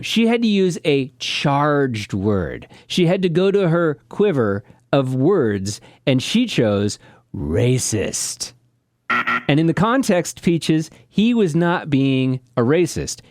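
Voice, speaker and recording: A man co-hosting a casual podcast, explaining his points deliberately, step by step. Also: medium pitch, sing-song, a little mellow. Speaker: podcast co-host.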